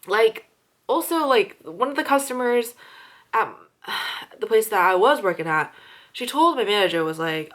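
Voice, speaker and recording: A woman's voice: fairly high pitch, sing-song, moderate pace, fairly bright tone. A young woman who works as a restaurant server, ranting casually with lots of swearing and fillers. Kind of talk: casual chat.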